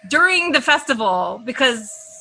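A woman's voice: sits high, sing-song, vocal fry, pushed and bright. A woman from Wisconsin with an Upper Midwest accent, a podcast guest in casual chat who rambles and restarts her sentences. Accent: Upper Midwest American. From Wisconsin, USA. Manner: rambling, halting, many restarts.

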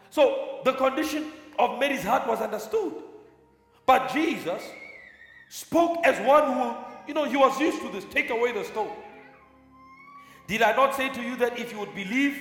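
High-pitched preacher man, fired up, repeats himself, lots of hall echo and a bit of music behind. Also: a bit bright. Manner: fervent, speaks in tongues, repeats phrases. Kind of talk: sermon. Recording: echoey hall with long reverb.

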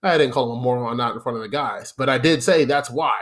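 A young man hosting, telling a profane story about his old job in a casual, animated monologue that turns into rants at the listener. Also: medium pitch, fast talker. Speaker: podcast host.

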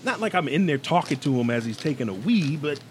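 A man's voice: on the high side, expressive, fast talker, a crowd in the background. A man co-hosting a casual chat show, telling his own story in a friendly, chatty way. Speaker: podcast co-host.

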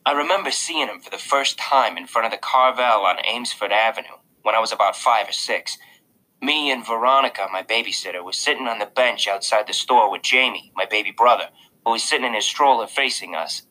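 Bright, husky male audiobook narrator. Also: lowish voice, brisk, low-quality recording. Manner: casual, confiding. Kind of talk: first-person audiobook narration.

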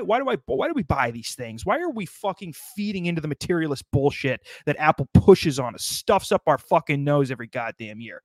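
A man's voice: a little high, sing-song, brisk, few pauses, no echo. A man delivering a rambling, sardonic comedic monologue, swearing constantly as he riffs.

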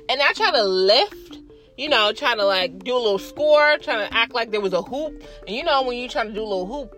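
Young woman, casual vlog storyteller, high lively voice, crude and chatty, light music under her. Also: a little fast. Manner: animated, swearing, acts out voices of others. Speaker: teacher.

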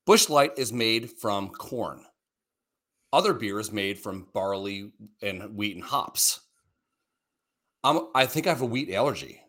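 A man's voice: lowish voice, expressive, measured pace, a bit bright. A middle-aged man co-hosting a podcast in crude, rambling casual chat, swearing freely and laughing often. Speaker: podcast co-host.

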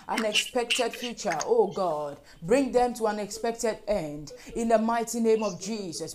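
A woman leading fervent group prayer, repeating petitions and breaking into speaking in tongues. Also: medium pitch. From Africa. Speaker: prayer leader.

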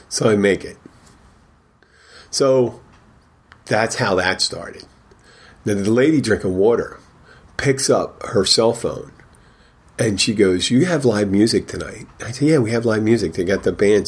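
A man with a very low, husky voice tells a long anecdote from behind the bar. He rambles and restarts, acting out the back-and-forth with customers in a casual, conversational way. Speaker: bartender. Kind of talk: casual storytelling.

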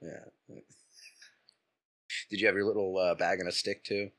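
A man co-hosting a casual podcast, laid-back and chuckling, talking in halting bursts. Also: low voice, flat delivery, fairly bright tone, no echo. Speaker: podcast co-host.

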